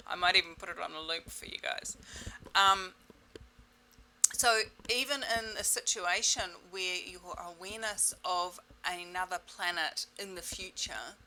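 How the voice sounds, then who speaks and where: A woman leading a self-help webinar in a playful, exclamatory way, repeating set clearing phrases. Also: fairly low pitch, bright, forceful tone, slight background noise, poor audio. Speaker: webinar facilitator.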